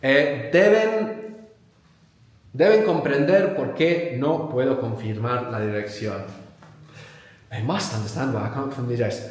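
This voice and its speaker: A man with a medium, slightly mellow voice teaches a language at a live workshop. He quizzes the learners patiently and says their words back to them, all in a heavily echoing room.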